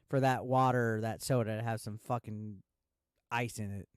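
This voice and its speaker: A man's voice: lowish voice, steady tone, normal speed, clean tone, dry recording, studio quality. Blunt, foul-mouthed man ranting. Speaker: host. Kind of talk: casual rant on a live stream.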